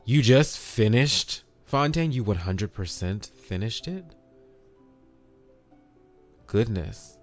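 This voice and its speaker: Low-voiced man chatting on a game stream. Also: expressive, takes it slowly, pauses often, soft background music. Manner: upbeat, greets chat viewers by name, swears casually. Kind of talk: casual live-stream chat.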